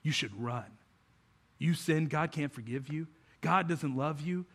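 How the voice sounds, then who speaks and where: A man voicing an accusing evil spirit in a low, hushed, taunting tone. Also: unhurried.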